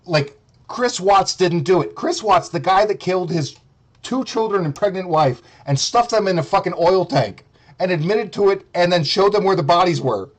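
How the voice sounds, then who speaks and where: A man streaming a profane, mocking rant, heated and sarcastic. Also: high voice. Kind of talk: ranting commentary.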